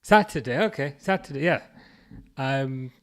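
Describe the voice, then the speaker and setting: A man's voice: medium pitch, lively intonation, measured pace, fairly bright tone. A man with a Birmingham accent hosting a football watchalong livestream, reading viewer comments aloud in a chatty, laid-back way with frequent restarts and chuckles. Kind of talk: casual live-chat commentary.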